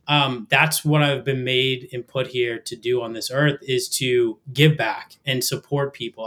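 A middle-aged man in a casual podcast chat, pitched squarely in the middle for a man. He speaks with energetic, emphatic drive, in the rising cadence of a would-be motivational speaker. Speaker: podcast guest.

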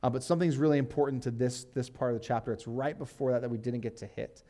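A man pastor teaching a sermon in a relaxed, conversational way, reading scripture aloud and often saying "like". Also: mid-range voice, fast. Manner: casual, uses "like" and fillers, reads scripture aloud.

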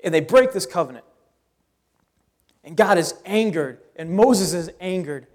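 A male pastor preaches with a fairly high voice. He tells the story in an animated way and breaks into casual, joking asides. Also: a little slow. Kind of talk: sermon.

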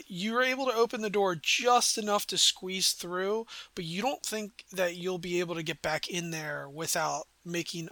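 A man's voice: high voice, sharp tone, no echo. A man narrating a tabletop game as game master, descriptive and rambling with many fillers.

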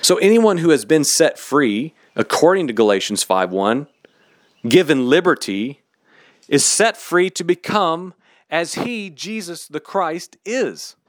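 A man preaching a sermon in an emphatic, candid, animated way. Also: on the high side, measured pace, dry recording, clean studio sound.

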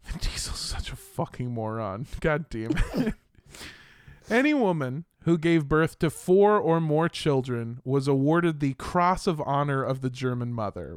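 An American man narrates history on a casual comedy podcast, throwing in crude jokes and asides. His voice is smooth and resonant, sitting a little high. The recording is dry and close. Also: no echo. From United States. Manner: irreverent, swearing, jokey asides while narrating.

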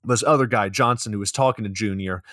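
A man's voice: on the low side, fast, pushed and bright, dry recording, clean studio sound. A man co-hosting a podcast, recapping a movie in a crude, sarcastic way. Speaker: podcast co-host. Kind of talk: casual comedic movie recap.

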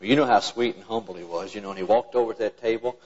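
A man's voice: fairly low pitch, very fast, a little mellow, breathy edge. An older man, preaching in a folksy, plain-spoken storytelling style and acting out his father's words. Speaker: preacher telling stories about his father. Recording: dull lo-fi church recording.

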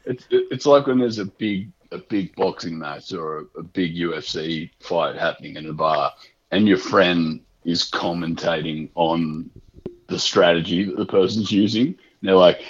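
Low raspy guy rambling on a podcast, laughs a lot, kinda muffled audio. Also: moderate pace. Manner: laid-back, rambling, laughs often. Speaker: podcast co-host. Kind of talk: casual chat. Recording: dull lo-fi sound.

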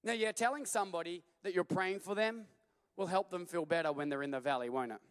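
A man preaching a sermon as a pastor, telling stories animatedly and at times rising to a shout. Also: sits high, fast talker, clear, resonant tone, big-room sound.

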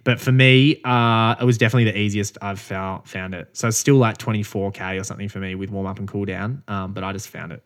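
Young Aussie male co-host, low-set voice, chatty and animated, quick laughs. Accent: Australian. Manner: animated storyteller, laughs often, acts out others' lines. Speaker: podcast co-host. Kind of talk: casual chat.

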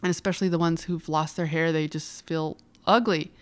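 A bubbly woman with a fairly low voice talks about her brow work in a casual interview. She tells stories animatedly and laughs often. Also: fairly even intonation, moderate pace, clear, resonant tone. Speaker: interview guest, brow studio owner.

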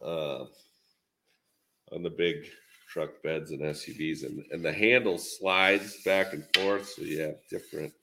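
A man's voice: rumbling low, fairly even intonation, a little slow, noisy background. A man with a Minnesotan accent, rambling easily in a casual podcast chat with lots of fillers. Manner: rambling, easygoing, many fillers. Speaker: podcast co-host, dent repair tech.

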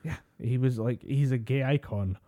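Male co-host, jokey and giggly, mid-pitched, warm tone. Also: moderate pace. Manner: laughing, joking along. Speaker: podcast co-host. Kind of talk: casual chat.

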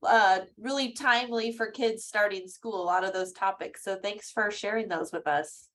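A woman's voice: mid-range voice, moderate pace, fairly bright tone. A woman hosting a podcast who politely thanks one guest and introduces the next. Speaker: podcast host. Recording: distant from the mic.

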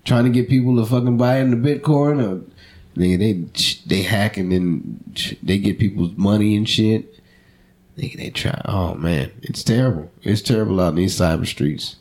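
A man's voice: on the low side, moderate pace, a little mellow. A man in his thirties hosting a casual podcast chat, telling loose, profane stories with plenty of jokes. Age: 30s. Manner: loose, profane, joking storyteller. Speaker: podcast host.

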